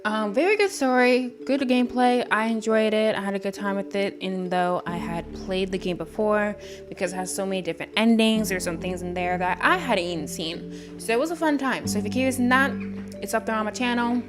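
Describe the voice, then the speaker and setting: A woman's voice: mid-range voice, brisk. A tired woman streamer chatting casually on a live stream, rambling with lots of fillers. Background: background music.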